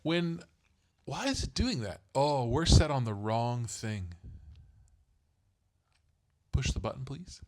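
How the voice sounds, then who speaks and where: A man's voice: medium pitch, expressive, slow pace, pauses often. A middle-aged father co-hosting a casual family podcast, rambling and self-deprecating as he explains things.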